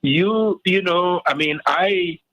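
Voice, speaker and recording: A man's voice: sits high, slow pace, a bit bright, no room sound, rough recording. An older man from Africa, a guest on a talk radio show, speaking in a fired-up way with frequent restarts and "okay?" asides. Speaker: guest commentator.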